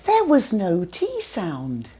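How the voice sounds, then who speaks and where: A woman's voice: mid-range voice, wildly swooping pitch, warm tone, slight background noise. A British woman teaching an English lesson, carefully demonstrating how words are pronounced. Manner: slow, careful demonstrations of pronunciation. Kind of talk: scripted language lesson.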